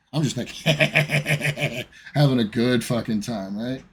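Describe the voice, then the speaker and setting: A man from the United States tells a long, rambling story from his own life, swearing freely as he goes. His voice is husky and sits at a middle pitch. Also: unhurried. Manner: profane, rambling anecdote. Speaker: streamer. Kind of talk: casual storytelling.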